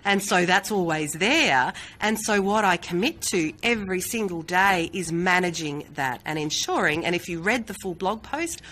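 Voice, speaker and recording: A woman hosting a live stream, talking candidly and earnestly about her own inner struggles, with many "you know" fillers and warm, self-reassuring laughs. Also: on the low side, lively intonation, moderate pace, few pauses, low-quality recording. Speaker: host of a personal-growth live stream. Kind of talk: reflective live-stream monologue.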